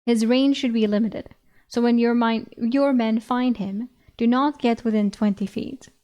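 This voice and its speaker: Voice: medium pitch, fairly even intonation, unhurried, a little mellow, natural voice. A woman reading the lines of a loyal bodyguard in a fantasy audiobook, matter-of-fact and advising.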